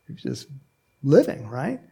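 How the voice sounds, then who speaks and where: Gravelly, husky man preaching a sermon. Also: mid-range voice, a little slow. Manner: conversational, animated preaching with acted-out voices. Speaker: pastor.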